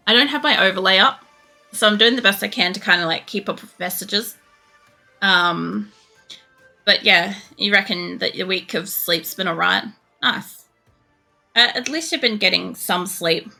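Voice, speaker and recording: Gravelly Australian woman streamer. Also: fairly low pitch, pushed and bright. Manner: rambling, swears casually, many fillers. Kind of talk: casual gameplay chat.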